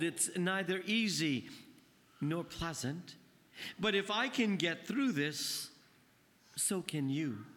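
A man voicing an elderly mother with dementia, gentle and loving, in a slow, tender storytelling delivery. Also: sits high, heavily acted. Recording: long church reverb.

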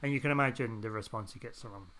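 A man's voice: medium pitch, rapid-fire, a little hiss or hum. A man, co-hosting a podcast and chatting casually about a comic he likes. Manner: relaxed, rambling comic review. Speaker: podcast co-host. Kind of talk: casual chat.

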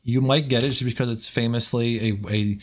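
A man's voice: medium pitch, steady tone, fairly quick, background noise. A man with a New York accent co-hosting a podcast in casual chat, laughing often and swearing freely. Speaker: podcast co-host.

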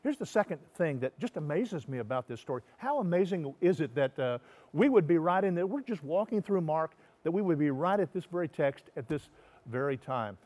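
A man, a pastor, preaching a sermon. He swings from loud emphatic lines to soft, slow, hushed passages. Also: on the high side, expressive.

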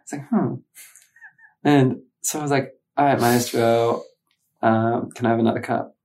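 Man from Michigan, interview guest, lively storyteller who voices his own thoughts; mid-pitched, casual. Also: moderate pace. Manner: animated, acts out his own inner voices.

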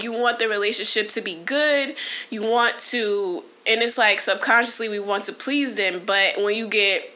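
A woman's voice: medium pitch, sharp tone. A woman in her late twenties hosting a solo podcast, talking candidly in a rambling, casual way with many fillers and restarts. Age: 20s. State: briefly emotional. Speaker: podcast host.

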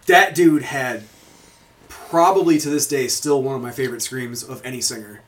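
A man's voice: medium pitch, normal speed. A man hosting a podcast, chatting casually and rambling through stories with frequent swearing and laughter. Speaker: podcast host. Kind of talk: casual chat.

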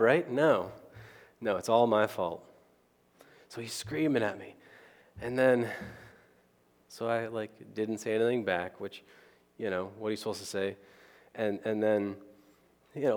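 A man's voice: lowish voice, unhurried, long pauses. Man preaching in a reverberant hall. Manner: conversational, keeps asking the crowd "right?". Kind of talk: storytelling sermon.

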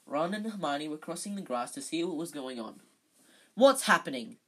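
Casual amateur narrator, husky, mid pitch, frequent slips. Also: animated, brisk. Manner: stumbling, self-correcting reading. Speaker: amateur reader. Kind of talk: casual read-aloud of a novel.

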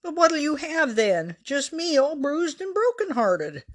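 Lady putting on a cheeky young army gal, high squeaky quick pleading voice, read-aloud story. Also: very animated. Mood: teasing. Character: young woman soldier, prankish and cheeky.

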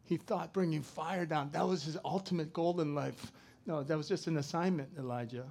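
A middle-aged man preaching a sermon, swinging from loud to soft as he tells a story. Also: on the high side, moderate pace, creaky. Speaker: pastor.

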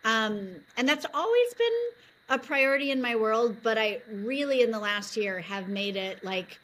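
A woman's voice: a little high, animated, normal speed, a bit bright, slight background noise, rough recording. A woman in her thirties, a guest on a podcast, chatting in a bubbly way, laughing easily and saying "like" a lot. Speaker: podcast guest, energy coach. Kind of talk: casual interview chat.

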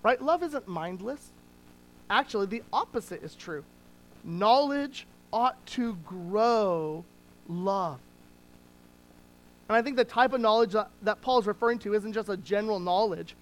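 Preacher delivering a relaxed, conversational sermon, mid-pitched, drawing out key words for emphasis. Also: fairly quick, rough recording. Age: adult parent. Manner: conversational teaching with many small restarts.

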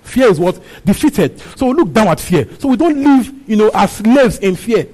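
A man's voice: sits high, sing-song, normal speed, darkish tone, poor audio. A man preaching a sermon, repeating his phrases and asking the congregation questions. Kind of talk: sermon teaching on a Bible passage.

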